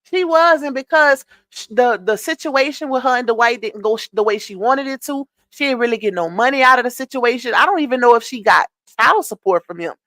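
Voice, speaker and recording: A woman's voice: on the high side, animated, a little fast, few pauses, fairly bright tone, dry recording. A woman giving casual commentary on a clip, firing rhetorical questions at her viewers in an emphatic way. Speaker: commentary streamer.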